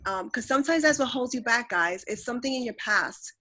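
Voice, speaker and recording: A woman's voice: on the high side, expressive, sharp tone, poor audio. A woman speaking on a motivational team call, telling her own story in a candid, filler-filled way. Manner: candid, fast, full of fillers. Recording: conference call.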